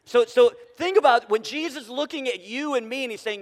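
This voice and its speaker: A man's voice: very high voice, fairly quick, few pauses, in a large hall. A man preaching a conversational sermon to his congregation, asking them questions as he goes. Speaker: pastor. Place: church sanctuary.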